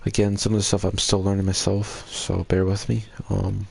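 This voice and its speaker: A man hosting a gaming channel, talking through a casual game recap in a relaxed, rambling way with hesitant fillers. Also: on the low side, moderate pace, gravelly, slightly rough.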